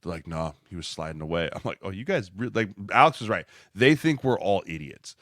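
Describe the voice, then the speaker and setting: A man's voice: sits low, expressive, fairly quick, a bit bright, dry recording, clean studio sound. A man co-hosting a casual podcast, telling stories and acting out dialogue. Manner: chatty storyteller acting out dialogue. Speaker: podcast co-host, former lineman.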